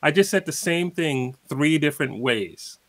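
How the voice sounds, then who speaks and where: A man's voice: a little high, expressive, unhurried, a bit bright. A man guest in a casual interview, explaining at an easy pace with plenty of fillers and spoken examples. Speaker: guitarist guest.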